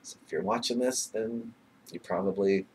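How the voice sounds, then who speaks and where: With a fairly low voice at a moderate pace and a bit of background noise, a young man records a casual webcam vlog. Nervous and emotional, he rambles, swears, leans on fillers and keeps breaking into laughter.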